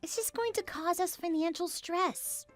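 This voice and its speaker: A woman's voice: extremely high pitch, moderate pace, dry recording, faint music behind. A synthetic female voice as an anxious wife. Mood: worried. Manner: anxious, pressing questions. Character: worried adult wife questioning her husband. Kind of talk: text-message story voice-over.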